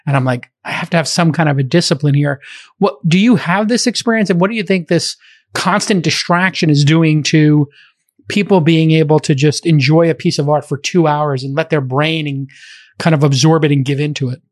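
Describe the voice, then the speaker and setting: A man's voice: fairly high pitch, fairly quick, no room sound, clean studio sound. A man in his fifties interviewing a guest, asking long, rambling, thoughtful questions. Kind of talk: conversational interview.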